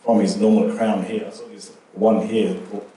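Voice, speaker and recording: A man's voice: fairly low pitch, flat delivery, moderate pace, warm tone. Cheeky middle-aged man telling stories. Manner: cheeky, chuckling anecdotes. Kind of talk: casual storytelling. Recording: echoey room, distant mic.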